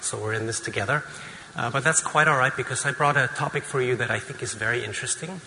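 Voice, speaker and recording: Bright-voiced man giving a lecture. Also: mid-range voice, quick pace, in a large hall, slight background noise, rough recording. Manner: casual and joking, with many fillers. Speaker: physician presenter. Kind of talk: conference lecture.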